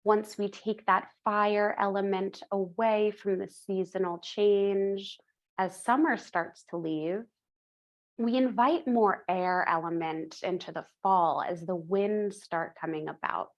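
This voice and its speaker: A young adult woman teaching a yin yoga class, guiding breathing in a calm, gentle, instructive way. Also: mid-range voice, slow, muffled recording.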